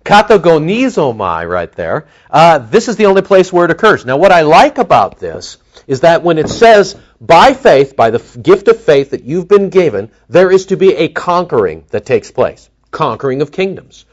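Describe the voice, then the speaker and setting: A man's voice: on the high side, big pitch swings, normal speed. A man preaching a sermon, teaching with rhetorical questions to his congregation.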